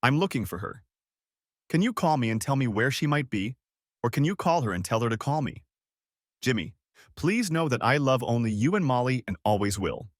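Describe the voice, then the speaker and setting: A man's voice: medium pitch, big pitch swings, normal speed, dry recording, clean studio sound, lightly acted. A man voicing a guilty wife and mother who leaves anxious, pleading voicemails.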